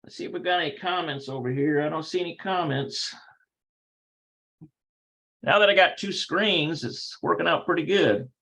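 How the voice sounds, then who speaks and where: A man running a relaxed livestreamed language class from his computer. His voice is bright and sits a little high. He rambles, works things out aloud and corrects himself mid-sentence. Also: moderate pace, gravelly, long pauses, low-quality recording. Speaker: Hebrew teacher. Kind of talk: casual livestreamed language lesson.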